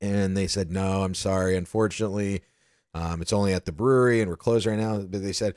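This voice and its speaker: A young man from the American South with a lowish voice chats on a podcast, swearing freely as he tells a story. The sound is dry and close, with no room around it. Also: steady tone, a little fast, darkish tone, clear, resonant tone, dry recording. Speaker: podcast co-host. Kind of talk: casual chat.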